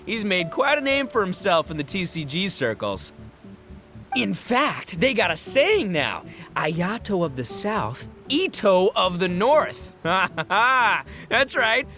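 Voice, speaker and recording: Game role: a rowdy bragging gang leader, high bright voice, bouncy delivery, light music behind. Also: male voice, big pitch swings, measured pace, full character voice. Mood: boastful. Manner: boisterous, bragging, laughing, stumbling over fillers. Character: brash boastful young male gang boss. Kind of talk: game voice acting.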